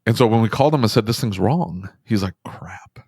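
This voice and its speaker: Emphatic man, low register, dry close mic, quick bursts, shop-owner guest. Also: dry recording. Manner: animated, emphatic, talks fast in bursts. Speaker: auto repair shop owner, podcast guest. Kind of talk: casual storytelling conversation.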